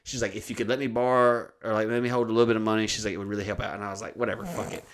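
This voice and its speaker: A man's voice: on the low side, little pitch movement, rapid-fire. A man, hosting a podcast and telling a crude, rambling story in casual chat. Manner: profane, rambling anecdote-telling. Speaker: podcast host.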